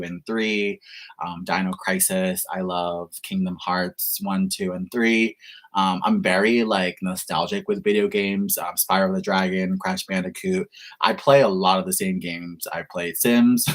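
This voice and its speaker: Effusive man with a lowish voice. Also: fairly bright tone. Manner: effusive, gushing, heavy use of "like". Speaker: reaction channel host. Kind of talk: casual livestream Q&A.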